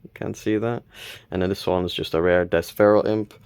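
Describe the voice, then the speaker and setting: A man hosting a casual unboxing video, calmly counting cards and reading their names aloud with small self-corrections. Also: deep voice, a little fast, clean tone. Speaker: channel host opening card packs.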